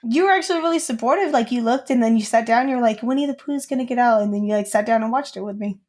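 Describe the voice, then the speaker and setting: A woman's voice: on the high side, racing, darkish tone. A young woman co-hosting a podcast, telling a childhood story in casual chat with lots of fillers. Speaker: podcast co-host.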